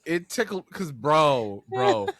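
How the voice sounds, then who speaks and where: A young man co-hosting a podcast, telling animated stories in casual chat, swearing freely and acting out voices. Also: a little high, slow, dry recording. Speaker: podcast co-host.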